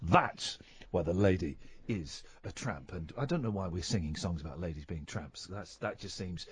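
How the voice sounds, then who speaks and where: A man's voice: low-pitched, expressive, moderate pace, a little hiss or hum. A man hosting a radio phone-in, chatting casually and jokily, often stammering and restarting. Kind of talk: casual chat.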